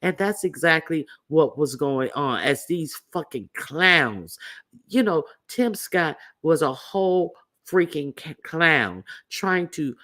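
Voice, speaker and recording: Male host, casual political chat, rambling and animated, slightly high-pitched. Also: slow. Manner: rambling, animated storytelling with filler words.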